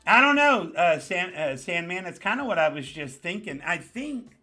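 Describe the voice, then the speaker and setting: A man's voice: high voice, sing-song, normal speed, sharp tone, faint music behind. A man with a New York accent hosting a casual live chat, greeting viewers by name and repeating points for emphasis. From the Bronx. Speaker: livestream host.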